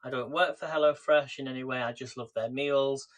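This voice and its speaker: A man's voice: mid-range voice, steady tone, fairly quick. A man hosting a live cooking stream, chatting casually and greeting viewers by name, recorded in a home kitchen on a camera set on a tripod.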